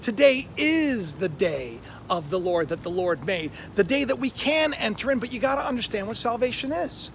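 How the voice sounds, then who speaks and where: A man's voice: high voice, expressive, normal speed, gravelly, few pauses, a little hiss or hum. A man who hosts his own channel, giving a casual, conversational sermon full of fillers and tag questions. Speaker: online preacher, channel host.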